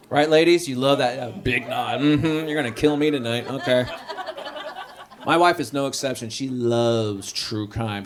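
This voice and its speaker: At a small restaurant comedy night, a man in his thirties performs stand-up into a handheld mic. He's lively and jumps into high voices for the people he quotes.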